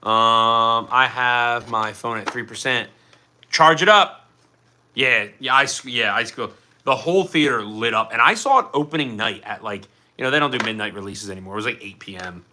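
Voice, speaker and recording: A man's voice: medium pitch, animated, moderate pace, bright, forceful tone, a little hiss or hum. A man chatting casually to his live-stream viewers at home, rambling and distracted as he fiddles with props.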